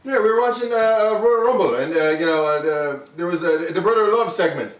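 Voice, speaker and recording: A man's voice: high-pitched, fairly quick. A man co-hosting a podcast at a home dinner table, ranting in mock indignation with stumbling restarts. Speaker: podcast co-host. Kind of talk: casual banter over dinner. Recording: echoey room, distant mic.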